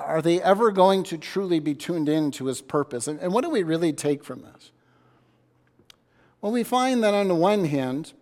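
Brief: earnest male pastor giving a sermon, fairly high voice, reverberant church hall. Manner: earnest, repeats words as he restarts, shifts loudness for emphasis.

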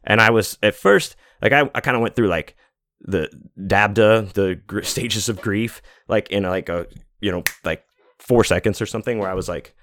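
A man's voice: on the low side, moderate pace, a bit bright, dry recording. A man in his forties hosting a podcast, talking in a rambling, casual monologue full of fillers, restarts and swearing. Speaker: podcast host.

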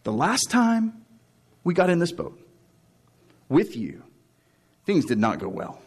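These are reluctant, jittery disciples, acted out by a male preacher. They stammer and hold back. Then they plead in a rush, half-joking but clearly uneasy. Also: fairly high pitch, huge pitch swings, slow, heavily acted. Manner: hesitant, pleading.

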